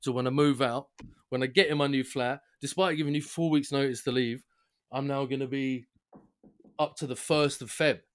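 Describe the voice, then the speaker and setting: A man's voice: medium pitch, steady tone, moderate pace. A man, co-hosting a podcast, ranting through a story in casual chat and mimicking the people he dealt with. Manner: rants, mimics the people on the call. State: unwell. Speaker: podcast co-host.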